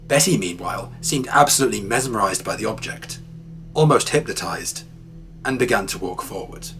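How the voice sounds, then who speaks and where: A man's voice: on the low side, animated, moderate pace, a bit bright. A man giving scripted, dramatic narration for an audio documentary, telling the story vividly. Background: faint music.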